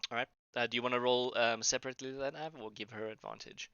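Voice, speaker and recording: A man's voice: mid-range voice, fairly even intonation, quick pace, fairly bright tone, clear, resonant tone, no room sound. A man running a tabletop game as dungeon master, easygoing and encouraging, on dull lo-fi call audio.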